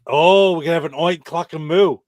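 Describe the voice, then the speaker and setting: A man's voice: a little high, moderate pace, darkish tone, no echo. A man in a casual group chat, riffing eagerly on food ideas. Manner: enthusiastic, riffs on food ideas.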